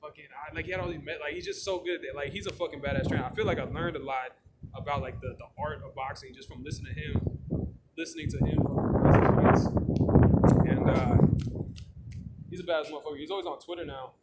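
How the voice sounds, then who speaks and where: A man's voice: fairly high pitch, fast talker. A man chatting casually as host, rambling with heavy swearing and lots of fillers. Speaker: channel host. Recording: loud background noise with clicks.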